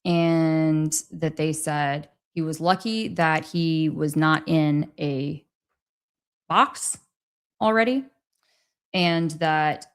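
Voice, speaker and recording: A woman hosting a casual livestream, talking with the chat in a rambling, hesitant way, with many restarts. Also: sits low. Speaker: livestream host reading chat.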